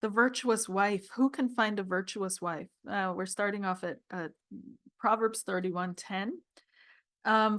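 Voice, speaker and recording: A woman's voice: medium pitch, steady tone, unhurried, fairly bright tone, dry recording, clean studio sound. A woman reviewing a tarot deck, reading scripture passages aloud and talking with emotional, tearful awe. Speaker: tarot reader.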